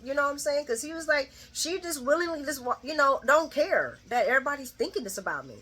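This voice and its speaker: A woman's voice: high voice, expressive, quick pace, sharp tone. A middle-aged woman giving a casual, chatty soap opera recap to her viewers, acting out the characters' lines and laughing often.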